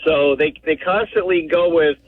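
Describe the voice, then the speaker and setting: A man's voice: fairly high pitch, moderate pace, no echo. A man calling in to a radio show, rambling and repeating words as he talks. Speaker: caller. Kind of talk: phone-in talk. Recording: tinny phone line.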